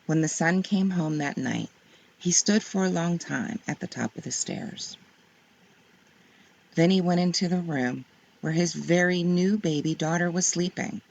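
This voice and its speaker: Woman reading kids' books aloud, slow, husky and gravelly, very expressive. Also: lowish voice, dull audio. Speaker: storyteller.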